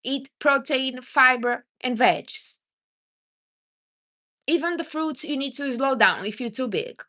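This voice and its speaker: Bright-voiced woman giving blunt advice. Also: high-pitched, measured pace. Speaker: livestream host. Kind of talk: casual livestream chat.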